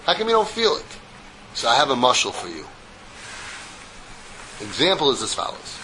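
A man giving a Torah lecture to a group as rabbi, an animated storyteller who slips in jokes. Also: medium pitch, moderate pace, a little hiss or hum, poor audio.

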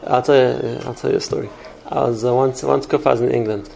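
A man's voice: mid-range voice, fairly even intonation, quick pace, creaky, darkish tone, low-quality recording. A man teaching a class on parenting, explaining through stories and examples and answering questions.

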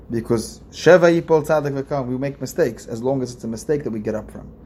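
A man's voice: medium pitch, fairly quick, darkish tone, slight background noise. A man, a rabbi, giving an informal religious lesson in a conversational way, repeating phrases and asking his listeners questions. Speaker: rabbi teaching a class.

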